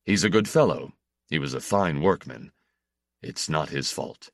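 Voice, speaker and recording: A man voicing a gruff middle-aged working father, short and broad, with a deep, hoarse voice and plain speech, in a storybook reading. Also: expressive, a little slow, dry recording, clean studio sound, full character voice.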